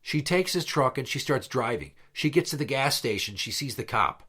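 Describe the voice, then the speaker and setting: A man in casual podcast chat, recounting events in a blunt and profane way. His voice sits at an ordinary middle pitch and he sounds worn out with the whole affair. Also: lively intonation, normal speed, bright, forceful tone. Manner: blunt, profane, exasperated retelling. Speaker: podcast host.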